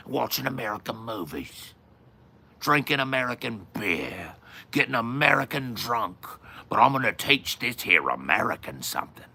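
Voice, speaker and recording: A man's voice: mid-range voice, creaky, bright, forceful tone, pitched above the performer's own voice, heavily acted. A man voicing a rowdy, cheeky male Australian bogan with a mock Australian accent, brash and mocking.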